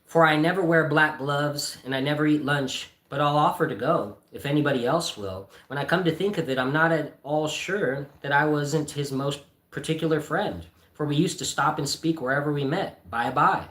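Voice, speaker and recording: A man's voice: fairly high pitch, normal speed, few pauses, a bit bright, close to an everyday voice. A man voicing a bored, yawning fat businessman with a monstrous chin, in a roomy space. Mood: indifferent. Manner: yawning, offhand. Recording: roomy echo.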